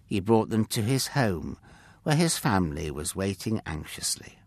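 A man narrating a children's Bible story in an expressive way, sometimes speaking to the listener directly. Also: lowish voice, moderate pace, no echo. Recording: dry close mic with faint music.

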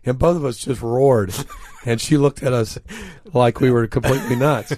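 A man's voice: medium pitch, moderate pace, warm tone. A man, an author and interview guest, telling anecdotes in an earnest, reflective way. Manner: reflective, earnest, recounts dialogue.

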